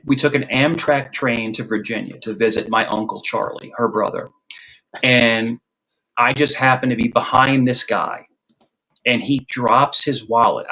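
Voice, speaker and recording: A man's voice: medium pitch, bright, forceful tone, poor audio. A man from the United States in a casual chat, earnest and repeating himself for emphasis. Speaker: host.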